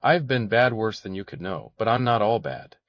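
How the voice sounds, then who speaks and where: Man voicing a frightened young woman client in a detective audiobook, tremulous and pleading, raised a little in pitch; dull, dry recording. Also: animated, normal speed, no echo, lightly acted. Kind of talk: audiobook character voice.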